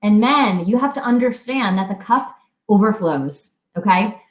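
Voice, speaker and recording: A woman co-hosting a fitness talk, giving chatty, animated relationship advice and acting out little quotes. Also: medium pitch, measured pace. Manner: chatty, animated, laughs often, acts out quotes. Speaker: fitness coach co-host. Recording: echoey room.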